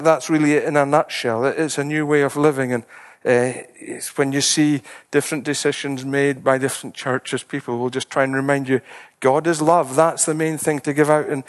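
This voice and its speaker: A middle-aged man, a preacher giving a sermon in an earnest, conversational way, lifting his voice to stress points. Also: mid-range voice.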